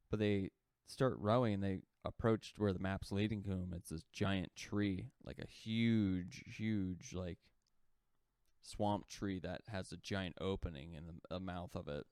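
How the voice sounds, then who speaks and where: Low smooth-voiced guy rambling through a story. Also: a little slow, darkish tone, no echo. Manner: rambling, heavy use of "like" fillers; swearing, acts out quoted lines. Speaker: podcast co-host. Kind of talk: casual storytelling.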